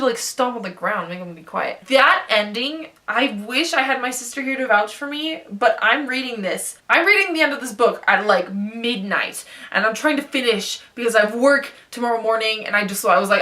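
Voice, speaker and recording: A young woman rambles through a casual book review at home, gushing and excitable from one point to the next. Her voice is bright and forward, sitting a little high. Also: normal speed, hardly any pauses. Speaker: book vlogger.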